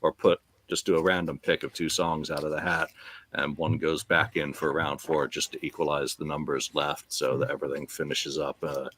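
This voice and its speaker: A man hosting a casual podcast, talking in a relaxed way with joking asides and plenty of fillers. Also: extremely low pitch, normal speed. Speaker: podcast host.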